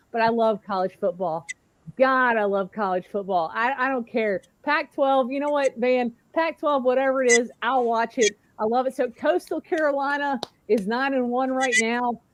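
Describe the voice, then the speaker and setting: A woman's voice: a little high, normal speed, slight background noise. A woman panelist in casual sports chat, talking in a fired-up, emphatic rant.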